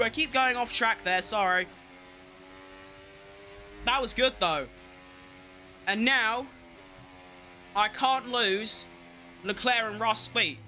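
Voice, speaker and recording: A young man giving excitable live commentary on his own racing game, talking to himself and chanting while he drives. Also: extremely high pitch, slow, long pauses, slight background noise. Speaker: gaming streamer.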